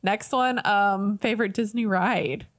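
A woman's voice: medium pitch, measured pace. A woman chatting as a podcast co-host, affirming and agreeable. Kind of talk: casual chat.

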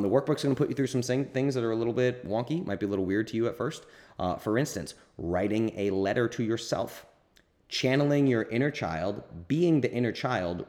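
A man hosts a casual podcast and answers listener questions off the cuff. His voice sits deep and low. He rambles, corrects himself as he goes, and swears now and then. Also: a little mellow. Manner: rambling, self-correcting, candid and profane. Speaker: podcast host.

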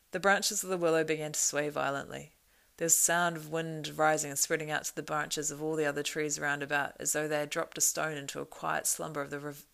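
A woman reads a storybook aloud in a measured, expressive way. Her voice sits low for a woman, with a steady gravelly rasp. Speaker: audiobook narrator. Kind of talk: storybook narration.

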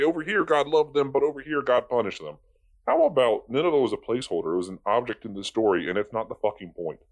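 A young man giving profane, exasperated commentary in a sarcastic, casual rant. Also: mid-range voice. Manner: sarcastic, exasperated, swears freely. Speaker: video commentator.

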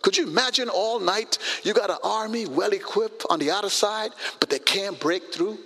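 A man in his sixties preaching a sermon as pastor, animated, acting out conversations with sudden jumps in pitch. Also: normal speed, slightly rough, big-room sound.

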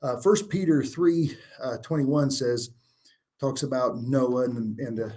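A man's voice: mid-range voice, takes it slowly, dark tone. A man answering questions on a religious show, reading old-style scripture aloud and then explaining it earnestly. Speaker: guest bible teacher. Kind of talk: scripture teaching.

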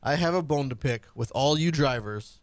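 A man's voice: mid-range voice, lively intonation, normal speed, dry recording. A man hosting a radio talk show, casually ranting and bantering. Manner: laid-back, ranting. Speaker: radio host.

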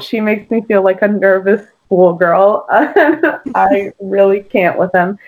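A woman's voice: medium pitch, a little mellow, low-quality recording. A woman co-hosting a casual podcast, chatty and full of "like" and "um". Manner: chatty, lots of "like" and "um". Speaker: podcast co-host. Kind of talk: casual chat.

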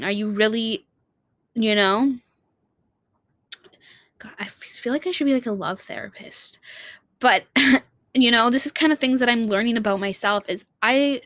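A woman's voice: on the high side, a bit bright, dry recording. A young woman vlogging in a casual, heartfelt monologue, rambling and restarting her sentences and swearing casually.

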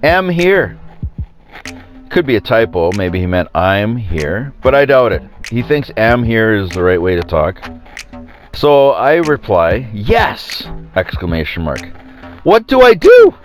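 A man's voice: on the low side, sing-song, measured pace, faint music behind. A man hosting a podcast. He tells a story in a casual, sarcastic, mocking way and laughs at his own jokes. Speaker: podcast host.

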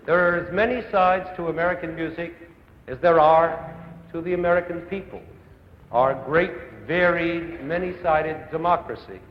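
A man's voice: on the high side, normal speed, muffled recording. A man giving an eloquent, enthusiastic lecture on music to a young concert audience from a concert hall stage. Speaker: conductor and music educator. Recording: echoey old broadcast from a concert hall.

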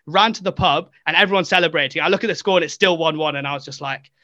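A man's voice: on the high side, fast talker, bright, forceful tone, dry recording, muffled recording. Young man, casual podcast guest, acts out quotes, filler-heavy, dry sound. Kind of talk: casual storytelling.

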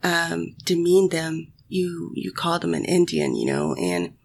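Slow, gravelly woman telling a personal story. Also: on the low side, wildly swooping pitch. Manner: halting, full of fillers and restarts, frequent swearing; emotional, sighing. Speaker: solo vlogger talking to her audience.

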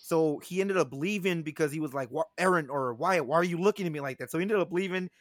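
A young man casually telling a long story, animated and swearing, acting out what others said. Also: a little high, fast, no echo, clean studio sound.

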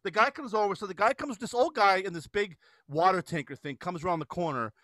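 A man's voice: high-pitched, fairly quick, pushed and bright, dry recording. A middle-aged father telling a rambling golf story in casual chat, restarting sentences and laughing.

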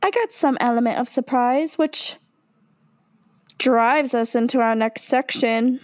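High-voiced excitable young woman co-host. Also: measured pace. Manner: excitable, gushing, casual swearing. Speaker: podcast co-host. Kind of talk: casual chat.

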